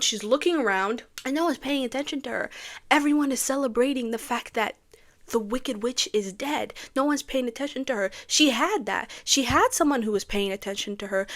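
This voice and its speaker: A young woman with a fairly high soprano voice chats through a movie like a fan talking to friends. She is excitable and dramatic, sinking into hushed whispers for the sad moments and getting loud when something annoys her. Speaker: YouTuber. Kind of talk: casual movie commentary.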